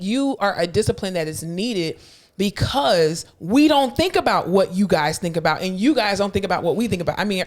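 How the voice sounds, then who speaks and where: An animated woman in her thirties talks casually on a podcast, at a middling pitch. She tells workplace stories and jumps way up in pitch when she acts out the people in them. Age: 30s. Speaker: podcast co-host, physical therapist. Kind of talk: casual chat.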